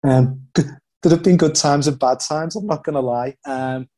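His voice sits on the high side with a warm tone and moderate pace. This forty-something Liverpudlian guest, speaking with a Scouse accent, fills a casual podcast interview with filler words and self-deprecating humor.

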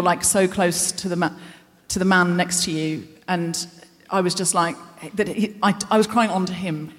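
Her voice sits on the low side as she hosts a live comedy show. Before an audience in a large concert hall, she rambles through a self-deprecating stand-up monologue, wandering into aside after aside.

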